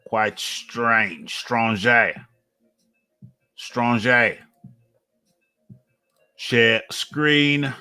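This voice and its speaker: A man's voice: mid-range voice, very slow, pauses often, sharp tone, smooth, faint music behind. A man hosting a boxing talk livestream, rambling and repeating his phrases over and over. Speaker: boxing talk show host. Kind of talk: casual livestream commentary.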